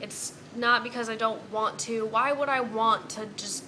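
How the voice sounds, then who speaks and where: A woman's voice: on the high side, measured pace, background noise. A young woman in a casual vlog, venting bluntly and cursing freely. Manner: blunt, heavy cursing, exasperated. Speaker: vlogger.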